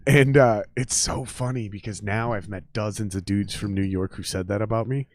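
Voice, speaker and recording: A man in his thirties hosting a podcast, telling stories in a profane, animated way. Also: fairly low pitch, moderate pace. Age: 30s. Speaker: podcast host. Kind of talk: casual chat.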